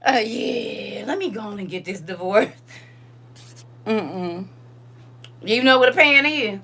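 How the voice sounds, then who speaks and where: A woman hosting a livestream, telling a story to her chat in a casual, animated and emphatic way. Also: medium pitch, takes it slowly, vocal fry, breathy edge. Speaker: livestream host.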